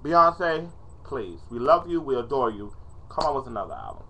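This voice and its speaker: A man's voice: mid-range voice, big pitch swings, moderate pace, fairly bright tone. A man ranting in a casual vlog, dramatic and profane, pleading in exasperation, recorded on a webcam at home. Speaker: vlogger. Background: faint music playing.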